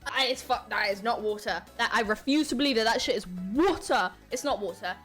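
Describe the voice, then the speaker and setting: Young woman streamer ranting a story, high pitched, lots of swearing and laughing, faint music behind. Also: brisk. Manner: animated, swearing, laughing often. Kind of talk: casual storytelling.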